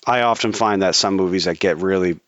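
A man's voice: sits low, brisk, fairly bright tone, dry recording, lo-fi sound. A man co-hosting a casual chat, opinionated and swearing freely, with many restarts. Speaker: podcast co-host.

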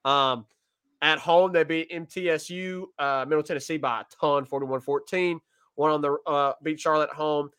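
A man's voice: on the high side, steady tone, moderate pace, a bit bright, smooth. A man co-hosting a sports podcast, chatting casually and often laughing, with plenty of fillers.

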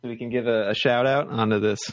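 A man co-hosting a podcast in casual chat, playful and quick to laugh. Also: medium pitch, fairly even intonation. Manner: giggly, playful, laughs often. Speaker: podcast co-host.

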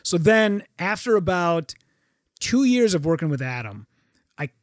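A man with a high voice who spins his stories with energy and acts out every quote. He swears freely and the sound is dry and close. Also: sing-song, measured pace, no room sound. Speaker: guest. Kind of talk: casual podcast chat.

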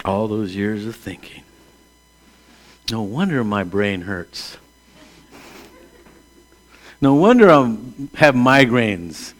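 A man's voice: fairly low pitch, animated, takes it slowly, long pauses. Pastor in his sixties preaching conversationally. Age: 60s. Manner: conversational storytelling, swings from hushed to emphatic. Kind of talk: sermon.

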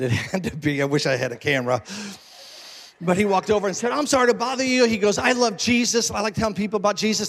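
Male pastor, high-ish voice, animated sermon storytelling, long church reverb. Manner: animated, acts out quoted voices, jokes with congregation.

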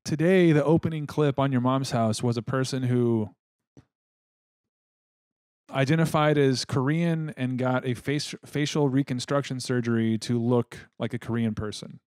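A man hosting a podcast in casual chat, excitable and incredulous, swearing freely. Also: mid-range voice, moderate pace, no echo, studio quality. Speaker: podcast host.

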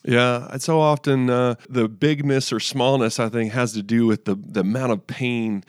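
A man's voice: mid-range voice, fairly even intonation, moderate pace, smooth, no room sound, clean studio sound. A man in his thirties co-hosting a faith podcast, telling personal stories in an earnest way with frequent restarts. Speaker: podcast co-host. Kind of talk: casual faith discussion.

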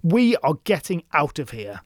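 A man's voice: fairly high pitch, big pitch swings, a little slow, no room sound, clean studio sound. A man playing a resolute young hero. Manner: resolute, reassuring. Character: determined young male hero on a rescue quest.

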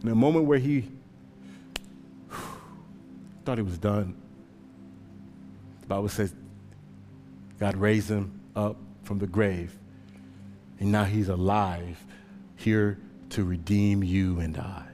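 A man preaching a sermon with passion, swinging from hushed, slow storytelling to loud pleading. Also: lowish voice, steady tone, in a large hall, faint music behind. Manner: impassioned, swings from hushed to shouting. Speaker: pastor.

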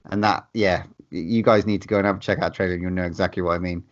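A man's voice: deep voice, steady tone, rapid-fire, lo-fi sound. A man around forty co-hosting a casual podcast, swearing freely and gushing about horror film news. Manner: swears freely, laughs often, enthusiastic. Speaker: podcast co-host.

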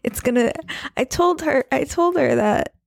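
Sick woman with a gravelly voice. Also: high-pitched, a little slow, no room sound, studio quality. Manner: self-deprecating, rambling with restarts. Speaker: podcast co-host. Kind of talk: casual podcast chat.

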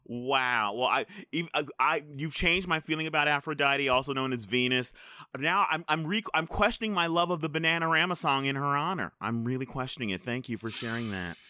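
A man's voice: mid-range voice, brisk, pushed and bright, no room sound. A man hosting a comedic interview, asking mock-earnest questions and stumbling over his words playfully. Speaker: host.

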